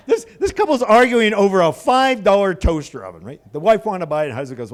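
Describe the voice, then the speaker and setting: A man performs stand-up with a high, lively voice that swoops up and down. He rants in loud, exasperated bursts and swears freely, working a club stage on a handheld mic. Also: a little fast. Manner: loud, exasperated ranting with profanity. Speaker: stand-up comedian. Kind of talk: stand-up comedy set.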